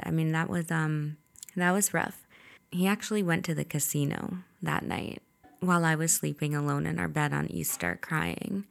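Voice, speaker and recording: Young woman podcaster, lowish gravelly voice, blunt and sweary, acts out every line of dialogue. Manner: blunt and profane, heavy filler 'like', reenacts dialogue. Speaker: podcast host. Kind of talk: candid storytelling monologue.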